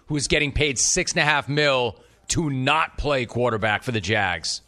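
A man hosting sports talk radio, taking calls with a sarcastic, rapid-fire manner. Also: mid-range voice, bright, forceful tone, faint music behind. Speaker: radio show host.

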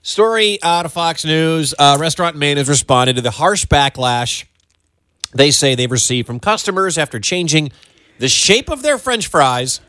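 A man's voice: on the high side, expressive, moderate pace, bright, forceful tone, no echo. A man co-hosting a radio show, bantering in a joking, incredulous way. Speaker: radio co-host. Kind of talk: casual radio chat.

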